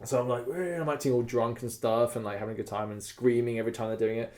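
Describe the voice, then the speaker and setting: A man co-hosting a podcast, telling a long story in casual chat, rambling and animated, full of "like" and the odd swear word. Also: medium pitch, very fast. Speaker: podcast co-host.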